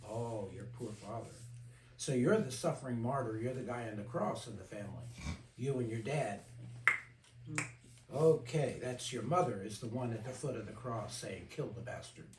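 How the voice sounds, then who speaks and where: A man's voice: medium pitch, normal speed, recorded from a distance, noisy background. An older man, a therapist leading a group discussion, speaking frankly and telling stories, sometimes mimicking the voices of people he quotes. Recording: echoey room, voice from off-mic.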